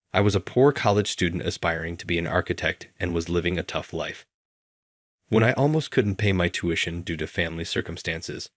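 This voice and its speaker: A man reads a first-person story in a measured, scripted narration. His voice sits very low, and the recording is dry and close-miked. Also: a bit bright, no room sound.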